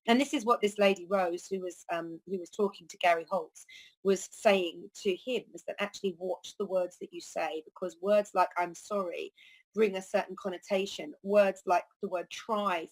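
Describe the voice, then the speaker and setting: A woman with a mid-range voice, a holistic healer and podcast host, gives a reflective monologue on words and healing for a wellness talk. She's earnest and rambling with many "you know" fillers, and the recording is rough.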